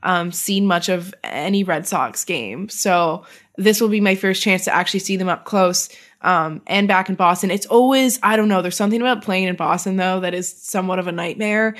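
Woman sports reporter, casual podcast co-host, relaxed with lots of ums. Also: on the low side, normal speed. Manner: relaxed, thinking aloud with frequent ums.

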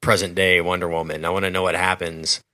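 A man with a low, bright, forceful voice talks animatedly on a casual movie podcast, tossing out playful questions. The sound is dry and close to the mic. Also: level tone, quick pace, dry recording. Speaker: podcast co-host.

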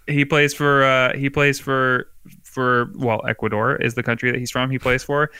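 A man with a bright, smooth, clear voice chats in easygoing podcast banter, wandering through his points with plenty of ums. The sound is close and dry, with no room echo. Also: medium pitch, level tone, moderate pace. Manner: laid-back, rambling, laughs often, filler-heavy. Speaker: podcast co-host. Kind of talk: casual chat.

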